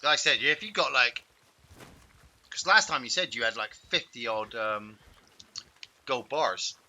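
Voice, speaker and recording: Excitable man commentating gameplay. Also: mid-range voice, a little slow. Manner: excitable, shouty, playful trash talk. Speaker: gaming host.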